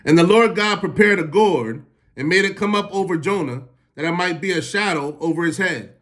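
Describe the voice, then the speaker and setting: A man with a fairly high voice reads scripture and then retells it in loose, slangy talk. His delivery is casual and conversational, like a teacher talking a listener through the verses. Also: normal speed, a bit bright. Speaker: Bible teacher.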